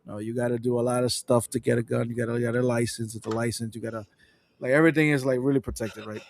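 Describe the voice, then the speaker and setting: A man with a Latin American Spanish accent, a native Spanish speaker, co-hosting a podcast over an online call and telling stories in a lively, swearing, casual way. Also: medium pitch, fast, creaky, slight background noise. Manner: animated storyteller, swears freely. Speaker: podcast co-host. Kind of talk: casual chat. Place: Panama.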